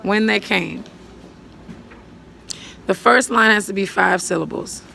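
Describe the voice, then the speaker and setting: Woman teacher going step by step, counting syllables out loud, bit of vocal fry, faint hiss behind. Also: medium pitch, takes it slowly. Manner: patient, counts syllables aloud, thinks out loud while writing. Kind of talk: step-by-step poetry lesson.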